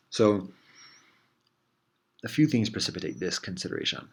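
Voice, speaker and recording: Meandering man musing aloud, low-voiced. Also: fairly even intonation, normal speed. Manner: meandering, thinks aloud with frequent restarts; easygoing, conversational slang. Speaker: host. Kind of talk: casual reflective monologue.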